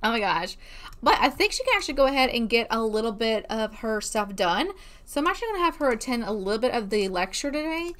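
A woman's voice: on the high side, sing-song, quick pace, fairly bright tone. A woman hosting a casual gameplay let's play, gushing with bubbly exclamations as she plays.

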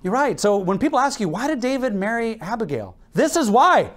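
A man preaching a sermon as pastor, with an American accent, animated and quick to act out little exchanges and laugh. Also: extremely high pitch. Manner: animated preaching, acts out dialogue, laughs often.

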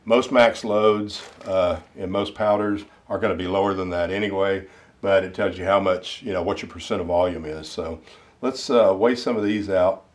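A man explaining his reloading gear in a casual, unhurried way, thinking aloud with plenty of fillers. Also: sits low, steady tone, distant mic. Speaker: ammunition reloading hobbyist. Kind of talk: casual instructional talk. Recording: roomy sound, mic set back.

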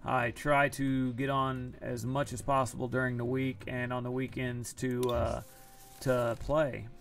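Gravelly man streaming a card game. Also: medium pitch, flat delivery, a little slow, fairly bright tone. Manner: chatty, self-deprecating, groaning at bad luck. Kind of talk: casual live-stream commentary.

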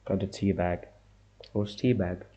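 A man's voice: low voice, steady tone, a little slow, warm tone. A young man giving a let's-play commentary on a horror game, muttering to himself and reacting nervously to scares. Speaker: gamer.

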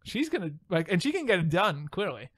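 Podcast host, male, high-pitched, dry close sound, animated and quick to laugh. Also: dry recording. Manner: animated, laughs often, swears casually. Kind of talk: casual chat.

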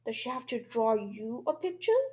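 A woman's voice: fairly high pitch, big pitch swings, normal speed, darkish tone. A woman voicing a playful young schoolboy in a children's storybook read-aloud. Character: playful young schoolboy making car noises.

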